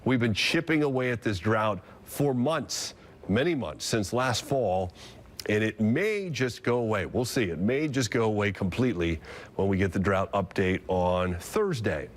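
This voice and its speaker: Low-voiced man calling live storm radar. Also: expressive, unhurried. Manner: explanatory, thinking aloud with fillers and restarts. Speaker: TV meteorologist. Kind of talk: live severe weather coverage.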